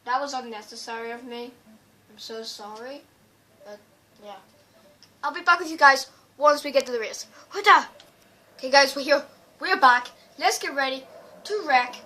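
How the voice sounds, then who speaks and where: A woman giving excitable racing game commentary as a channel host, full of playful trash talk and sudden loud outbursts. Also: high voice, normal speed, pauses often. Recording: distant mic with background noise.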